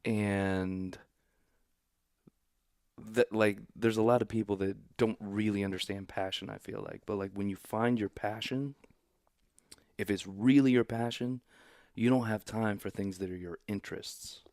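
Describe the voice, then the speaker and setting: A laid-back young man with a low, gravelly voice rambles through a story on a podcast, full of "like" and "um". The sound is close and dry, with no room in it. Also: steady tone, measured pace, a little mellow, dry recording. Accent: St. Louis. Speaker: comedian guest. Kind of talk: casual podcast chat.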